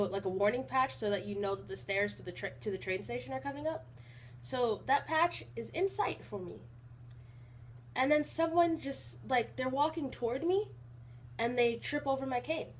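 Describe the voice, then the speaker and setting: A young college woman recording a casual vlog indoors, her voice sitting a little high. She rambles with fillers and restarts, and her delivery stays even and rarely shows much emotion. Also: a little hiss or hum. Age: young adult. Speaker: college vlogger.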